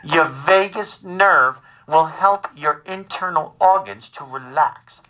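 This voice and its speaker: A man voicing an older mother who calmly and slowly insists, worried about her son. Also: fairly high pitch, poor audio. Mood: calmly nagging. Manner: slow, deliberate, calmly insistent.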